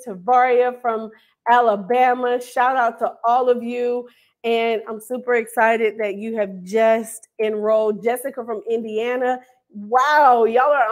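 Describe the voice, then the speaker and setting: A woman's voice: a little high, darkish tone. A woman from North Carolina hosting a casual live stream, reading out viewers' names and laughing often as she welcomes them. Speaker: host of an online hair school livestream.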